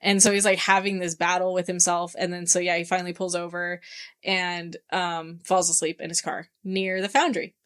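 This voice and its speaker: A woman's voice: on the low side, little pitch movement, normal speed, a bit bright, clear, resonant tone. Swearing woman acting out book scenes. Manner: retells scenes by acting out dialogue, swears freely. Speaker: book club podcast co-host. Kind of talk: casual chat.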